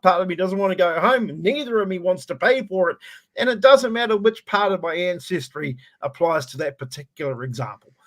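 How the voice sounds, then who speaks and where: A man with a New Zealand accent, ranting in a lively, self-mocking way as he co-hosts a casual talk show. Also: high-pitched. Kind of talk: casual chat.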